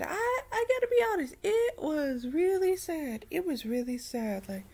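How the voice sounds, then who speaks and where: Woman, high voice, casual video review, rambling, repeats herself, chatty. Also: a little mellow. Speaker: anime reviewer.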